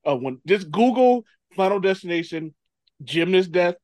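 A man hosting a casual podcast chat, animated, swearing and laughing a lot. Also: sits high, moderate pace, no room sound. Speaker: podcast host.

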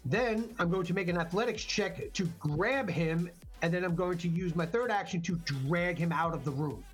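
A man playing in a tabletop game, casually talking through his moves and counting his numbers out loud. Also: sits high, normal speed, faint music behind. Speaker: player.

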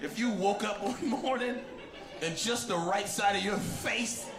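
A male stand-up comedian telling a story in an animated way, shouting when he acts out other people. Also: high voice, measured pace. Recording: echoey club with loud crowd. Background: audience laughter and noise.

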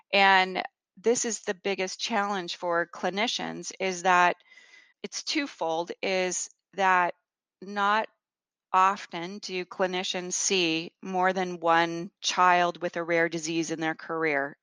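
A woman with a lowish, clean voice and no room sound is a guest in a conversational interview, a rare disease research leader. She tells stories earnestly and animatedly, with some fillers and restarts.

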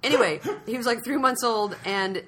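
A woman's voice: on the high side, moderate pace, a bit bright, a little hiss or hum. A woman in her thirties, an actress guest chatting casually, rambling and self-deprecating as she tells stories. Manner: rambling, self-deprecating storyteller who acts out quotes. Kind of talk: casual chat.

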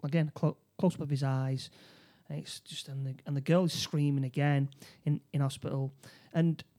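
A man chatting casually about a movie, his voice on the darker, mellow side. He stops and restarts his sentences often, then drops into quick quoted lines from the characters. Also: fairly high pitch, flat delivery. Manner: halting, many restarts, acts out quotes. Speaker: podcast co-host. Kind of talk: casual film discussion.

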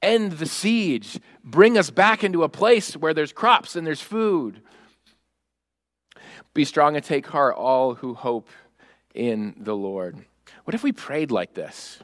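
A man preaching a sermon as pastor, animated, acting out prayers and quoting in a raised voice, with frequent laughs. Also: a little high, takes it slowly, no room sound, studio quality.

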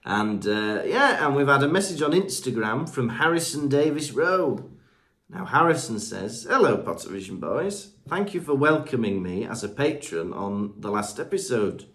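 A chatty British man co-hosting a podcast, reading out listener messages with a very lively, up-and-down voice. He jokes along as he reads and trips over unfamiliar names. His pitch sits in the middle of the male range. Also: normal speed. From Britain. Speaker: podcast co-host. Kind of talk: casual chat, reading listener reviews.

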